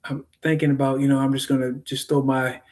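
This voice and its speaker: A man's voice: medium pitch, level tone, fairly quick, a little mellow, close to an everyday voice. Man doing a sorry runaway son, stammering pleas, ordinary voice. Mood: remorseful.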